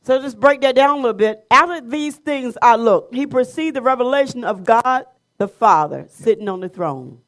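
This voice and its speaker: A woman's voice: on the high side, expressive, moderate pace. A woman leading a Bible study, building to emphatic, repeated phrases. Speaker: Bible teacher.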